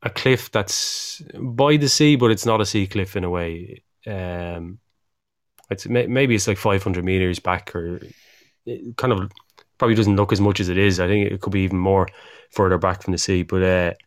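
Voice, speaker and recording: A lowish Irish male voice in relaxed podcast chat, wandering through anecdotes with fillers and casual swearing. The sound is close and dry with no room at all. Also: normal speed, no room sound. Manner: rambling storyteller, swears freely, many fillers. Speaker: podcast co-host.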